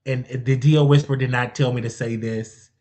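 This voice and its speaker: A commentary host talking on a live stream, emphatic and repetitive, with big swings in pitch and loudness. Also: steady tone, brisk.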